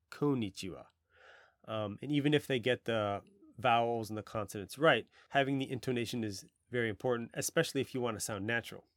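A man hosting a podcast language lesson, explaining patiently and modelling pronunciation slowly. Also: medium pitch, dry recording, studio quality. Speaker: language teacher and podcast host.

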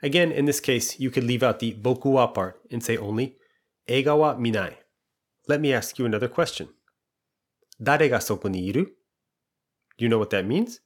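A man gives a language lesson in an even, calm rhythm, each point explained clearly and patiently in steps. He pauses for quiz questions and then talks through the answers, his pitch an ordinary middle.

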